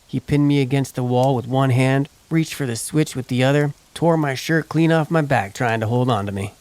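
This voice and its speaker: A man's voice: medium pitch, normal speed, a little mellow, clean tone, pitched above the performer's own voice, natural voice. A man voicing Tony, a rowdy young outlaw cowboy with a telling a boastful tall tale in an audiobook. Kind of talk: audiobook character voice.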